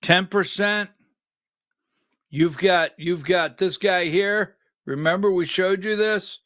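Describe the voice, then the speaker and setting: A middle-aged man hosting a livestreamed political commentary show, talking in an animated, rhetorical way, often asking "right?" and rising to near-shouting when worked up. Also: sits high, takes it slowly, dry recording, clean studio sound. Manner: talks while fumbling with on-screen clips.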